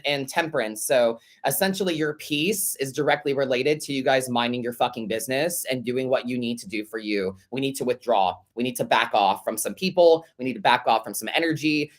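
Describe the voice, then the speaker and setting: This man hosts a live tarot podcast, and his voice is medium in pitch and a bit bright. He answers listener letters with sass and profanity, calling people babe and honey and repeating his points to drive them home.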